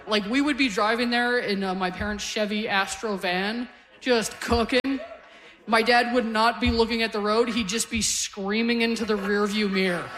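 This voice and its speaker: A woman's voice: fairly high pitch, fairly even intonation, normal speed, a bit bright. A woman in her forties from Canada, doing a brash, self-deprecating stand-up set and laughing through her punchlines. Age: 40s. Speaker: stand-up comedian.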